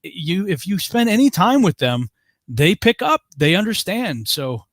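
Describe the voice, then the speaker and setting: A man's voice: sits high, big pitch swings, unhurried, no echo, clean studio sound. A middle-aged man hosting an online Bible study, telling stories animatedly and laughing often over a video call. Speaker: host.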